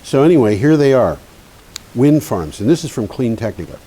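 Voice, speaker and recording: A man's voice: medium pitch, sing-song, fairly quick, dark tone, breathy edge. A man co-hosting an energy news show, chatting casually and telling stories with frequent laughs. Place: community TV studio. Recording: faint hiss.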